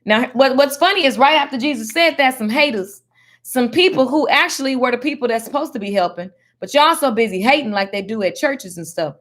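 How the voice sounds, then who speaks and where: A woman giving casual Bible teaching in a slangy, animated, preachy way. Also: high voice, a little fast. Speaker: faith teacher.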